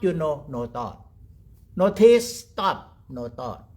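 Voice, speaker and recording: Slow-spoken man guiding meditation. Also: a little high, sing-song. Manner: slow, simple broken English with many pauses and "okay?"; repeats short words softly, trailing off quieter. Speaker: meditation teacher. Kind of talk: guided meditation talk.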